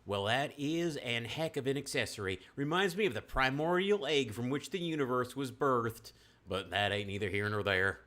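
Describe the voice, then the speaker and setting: A man putting on the voice of a folksy, good-natured man in a text adventure game, drawling slowly and loudly. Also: mid-range voice, voice pushed up, close to an everyday voice. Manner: drawled, slow and loud.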